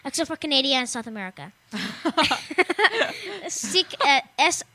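A woman's voice: sits high, big pitch swings, slow pace, sharp tone, dry recording. A young woman co-hosting a casual tech show, rambling and joking and laughing often as she reads out gadget news. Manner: giggly, rambling, jokey, reads then riffs. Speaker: show co-host.

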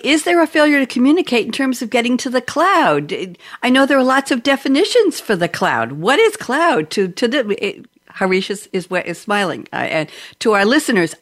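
A woman hosting a podcast and interviewing guests over a video call, chatty and lively. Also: medium pitch. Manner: chatty, lively and often amused. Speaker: podcast host.

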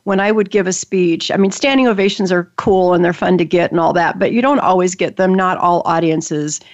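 A woman's voice: fairly low pitch, fairly quick. An older woman hosting an interview show, chatty and enthusiastic, often restarting her sentences. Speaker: podcast host. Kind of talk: casual interview chat. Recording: dull lo-fi audio.

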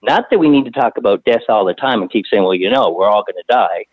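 A man who works as a hospice doctor, calmly explaining things in a conversation. He often repeats words while he gathers his thoughts. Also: on the low side, fast, dry recording. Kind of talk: casual interview conversation. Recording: tinny phone-line audio.

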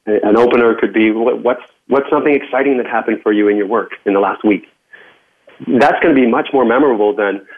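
A man's voice: medium pitch, a little fast. A man guest talking casually and upbeat about play at work, with many restarts. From Canada. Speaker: podcast guest, speaker on workplace play. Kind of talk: casual interview talk. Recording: tinny phone line.

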